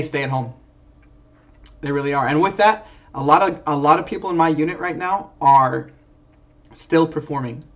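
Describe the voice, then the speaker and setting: A young man, an Air Force sergeant, talking earnestly on a livestream and rambling with restarts and fillers, heard from a distance through a muffled mic. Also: on the high side. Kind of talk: livestream talk. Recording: distant, dull lo-fi stream audio.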